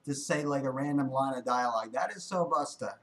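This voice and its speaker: A man's voice: medium pitch, fairly quick, fairly bright tone, rough recording. A man casually reacting to a music video, laid-back and wry, often repeating words as he thinks aloud.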